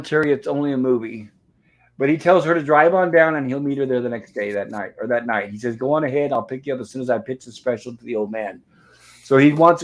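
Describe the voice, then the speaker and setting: A man hosts a relaxed movie review livestream. He recaps the film scene by scene, reading the characters' lines aloud as he goes. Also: medium pitch, poor audio. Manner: narrates scenes step by step, reading out dialogue.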